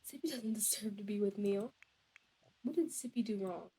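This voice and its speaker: Chatty woman with a husky, mellow voice. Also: mid-range voice, animated, moderate pace. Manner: chatty, speculative, talks to the game characters. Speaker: gameplay narrator. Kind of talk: casual gameplay commentary.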